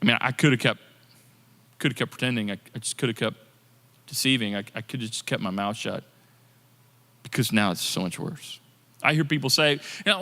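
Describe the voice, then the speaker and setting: A man preaching a sermon as pastor, in a lively, conversational manner that acts out people's complaints. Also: mid-range voice, brisk, long pauses, in a large hall. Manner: animated, conversational preaching with quoted inner voices. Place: church sanctuary.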